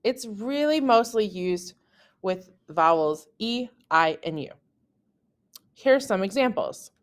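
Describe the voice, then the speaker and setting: A woman narrates a language lesson at an unhurried, measured pace. She says her example words slowly and carefully, like a teacher making sure every sound lands. Her pitch sits in an ordinary middle range. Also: animated. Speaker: French teacher.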